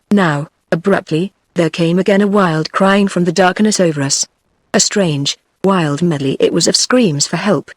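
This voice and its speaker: A woman's voice: lowish voice, dry recording. Synthetic British woman reading a novel. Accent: British English. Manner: even, synthetic delivery. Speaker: audiobook narrator. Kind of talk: text-to-speech book reading.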